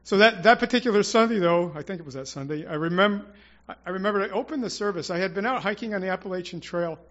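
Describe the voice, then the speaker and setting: A man's voice: high-pitched, quick pace, a bit bright, dull audio. A man preaching an informal, rambling sermon to his congregation, with prayerful asides and restarts. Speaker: church speaker.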